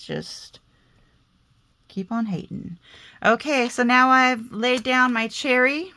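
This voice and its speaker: On the high side and sharp in tone, this woman hosts a laid-back crafting video with a slight Southern American accent. She chats freely, makes fun of herself, and keeps up a running conversation with herself as she crafts.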